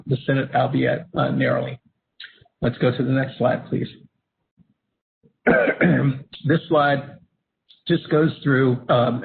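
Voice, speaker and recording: A man moderating a webinar and walking through slides, halting with many fillers and restarts, coughing at times. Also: medium pitch, vocal fry. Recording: phone-line audio with faint hiss.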